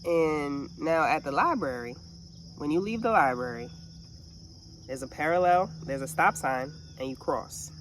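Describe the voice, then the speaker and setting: A woman venting in a casual monologue, telling a story with lots of swearing and animated asides. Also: deep voice, measured pace, a little hiss or hum. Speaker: vlogger.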